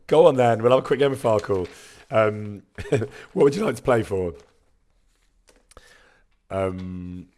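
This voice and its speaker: A man's voice: fairly low pitch, darkish tone. A man chatting casually on a live stream, reading out viewer messages and laughing often.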